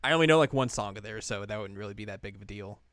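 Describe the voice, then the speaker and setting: A man's voice: lowish voice, racing, a bit bright, clear, resonant tone, no room sound, studio quality. A man co-hosting a casual podcast, joking and laughing often, with plenty of fillers. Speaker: podcast co-host. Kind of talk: casual chat.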